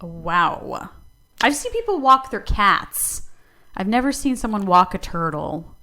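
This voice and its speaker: A woman's voice: medium pitch, sing-song, slow, sharp tone. A woman co-hosting a casual podcast, joking around and laughing often. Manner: playful, jokey, laughs often. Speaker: podcast co-host. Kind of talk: casual chat.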